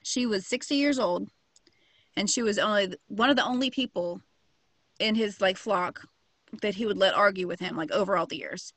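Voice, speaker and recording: A woman's voice: mid-range voice, normal speed, a bit bright, dry recording. Brief: a woman, casual storyteller, slangy and sweary, dry close sound. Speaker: podcast co-host telling a true crime story. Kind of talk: casual chat.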